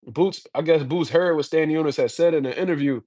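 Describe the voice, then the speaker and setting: A man's voice: on the high side, quick pace, mellow, no room sound, studio quality. A man giving casual, profane boxing commentary, blunt and slangy, ranting heatedly straight to his viewers.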